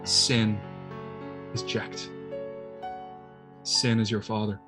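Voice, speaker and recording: A stoic older swordsman from a video game, calm, gruff and few-worded, as a man puts him on. The voice drops low and quiet, with faint music behind. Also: extremely slow. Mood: calm, terse.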